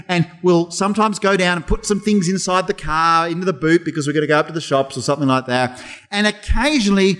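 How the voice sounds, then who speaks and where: A middle-aged man giving a lively children's talk in church, telling stories with playful sound imitations. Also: high-pitched. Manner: animated storytelling, imitates sounds.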